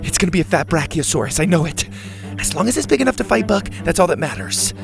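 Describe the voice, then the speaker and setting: A man voicing an excitable young girl camper who talks in rapid, breathless bursts. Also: a little high, vocal fry, over music, voice pushed up, full character voice. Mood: excited.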